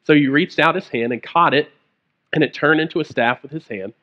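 A man's voice: fairly high pitch, fairly quick, dull audio. A man preaching a sermon in a church, telling stories in a conversational way with casual asides. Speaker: pastor.

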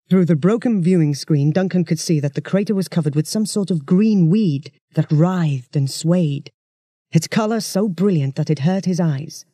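A man's voice: on the high side, no room sound, studio quality. A man reading a children's science fiction story aloud, telling it steadily. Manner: steady storytelling that shifts into character voices. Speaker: audiobook narrator.

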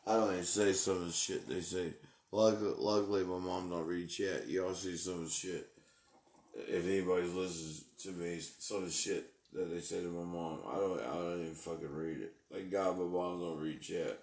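A man's voice: deep voice, steady tone, normal speed, a little mellow, echoey room. A man talking live from his home into a phone, agitated and cursing as he rambles. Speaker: livestreamer. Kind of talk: live-stream rant. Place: at home indoors.

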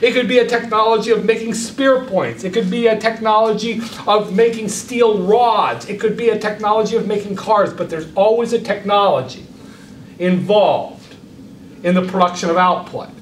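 A man's voice: high-pitched, moderate pace, slight background noise. A man giving a university economics lecture, speaking with impassioned, rhetorical force and addressing his students directly. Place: lecture classroom. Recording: echoey classroom from a distance.

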